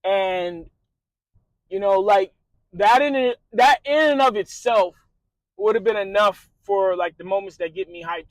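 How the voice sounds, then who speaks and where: High-voiced man retelling a movie scene. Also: dry recording, rough recording. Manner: animated storyteller, acts out quotes, many fillers. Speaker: motivational video host. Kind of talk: casual retelling of a film scene.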